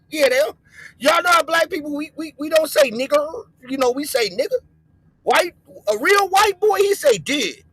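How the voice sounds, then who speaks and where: High, husky-voiced man ranting on stream. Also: bright, forceful tone, dry recording, poor audio. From US West Coast. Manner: slangy, rambling, repeats himself. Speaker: livestream host. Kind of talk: loose reaction-stream commentary.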